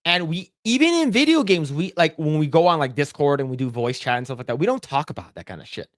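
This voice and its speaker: Blunt, profane man with a higher voice. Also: fast talker, no echo, clean studio sound. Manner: blunt, profane, lively storytelling. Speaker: podcast co-host. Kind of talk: casual podcast chat.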